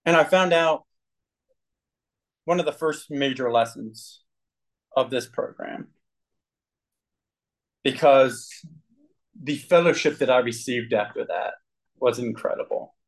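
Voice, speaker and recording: A man sharing his personal recovery story with a group, earnest and candid, with frequent throat clearing. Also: medium pitch, takes it slowly, long pauses, poor audio.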